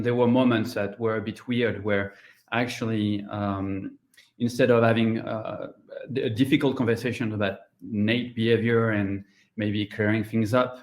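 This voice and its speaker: A man giving an online conference talk, pausing often with ums and uhs. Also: on the low side. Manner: hesitant, many ums and uhs. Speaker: conference speaker.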